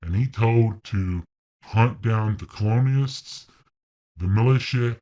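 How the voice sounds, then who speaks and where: A man's voice: on the low side, slow pace, dark tone. A man casually telling a long story, rambling with asides and restarts.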